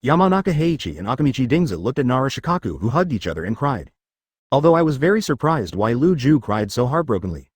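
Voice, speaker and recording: Lively male fan-fiction narrator, dry sound. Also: medium pitch, fast talker, breathy edge, no echo. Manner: flat, literal delivery that reads symbols aloud. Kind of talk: reading translated fan fiction.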